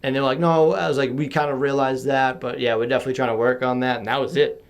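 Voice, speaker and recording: A man's voice: medium pitch, little pitch movement, fast talker, smooth. A young man, a podcast host on as a guest, chatting casually and self-deprecatingly with lots of "like" and frequent laughs, over a home mic on a remote call. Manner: rambling, filler-heavy, self-deprecating, laughs often. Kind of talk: casual chat.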